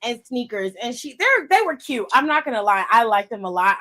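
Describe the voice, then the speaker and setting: A woman's voice: fairly high pitch, very animated, brisk, pushed and bright. Giggly, rambling woman podcast co-host. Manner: chatty, giggly, rambling with fillers. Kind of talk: casual chat.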